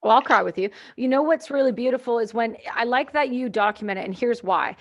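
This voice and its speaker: A woman's voice: a little high, a little fast, highs cut off. A woman hosting a podcast in casual chat, encouraging and blunt, swearing freely. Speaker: podcast host.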